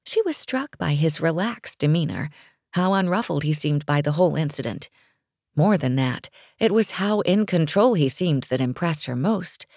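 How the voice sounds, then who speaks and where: A woman reads a romance story aloud with a low, gravelly voice. She narrates expressively, with a breathy touch in places. The sound is close and dry, with no room around it. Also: lively intonation, moderate pace, a little mellow, no room sound. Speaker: audiobook narrator.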